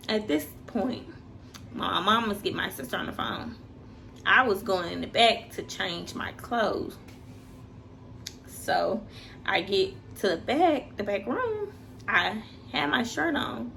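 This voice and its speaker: Young woman telling a story, talks in a middling pitch, gets loud then hushed, faint room hum. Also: takes it slowly, gravelly, long pauses. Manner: animated, acts out quoted voices with big pitch jumps. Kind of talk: casual personal storytelling.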